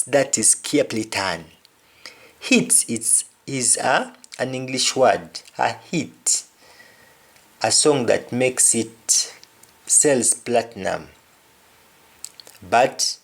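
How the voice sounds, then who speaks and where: A man with a Jamaican accent teaches a language lesson at an unhurried pace. He lays out each example carefully and repeats the key words so they sink in. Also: mid-range voice.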